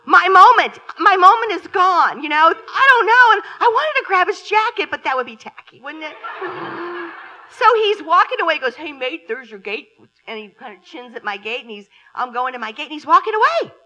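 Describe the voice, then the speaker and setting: A woman giving a storytelling keynote talk to a conference audience, theatrical and animated, swinging from loud exclamations to hushed asides. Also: extremely high pitch, fairly quick, long reverb tail, low-quality recording. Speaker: keynote speaker. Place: conference hall before an audience.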